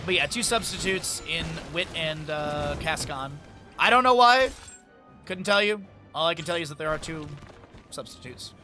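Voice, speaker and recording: A man with a fairly high, bright, forceful voice casts a live esports match over faint music. He rattles off rapid play-by-play calls and drops chatty asides to viewers in chat.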